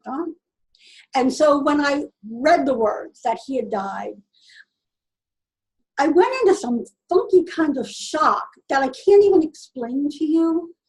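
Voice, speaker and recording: A woman with a high voice tells a personal story in a relaxed, conversational way. She sounds earnest and halting, and often stops to restart her sentences. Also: low-quality recording. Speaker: vlogger.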